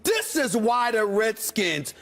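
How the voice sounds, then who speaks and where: A man ranting loudly and sarcastically as a commentator in a heated sports debate. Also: sits high, big pitch swings, slow. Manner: loud, sarcastic, emphatic ranting.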